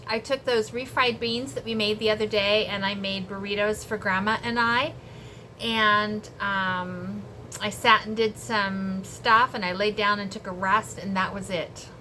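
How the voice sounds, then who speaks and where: A woman's voice: mid-range voice, pushed and bright, slight background noise. A middle-aged woman chatting casually to viewers in a homey vlog from her kitchen and garden. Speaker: homesteading vlogger.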